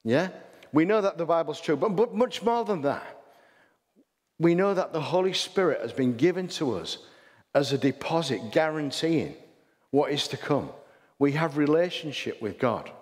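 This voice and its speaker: A man's voice: on the high side, animated, moderate pace. Hull-accented man preaching in a reverberant hall. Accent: Hull English. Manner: conversational preaching with rhetorical questions and restarts. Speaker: pastor. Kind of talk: sermon.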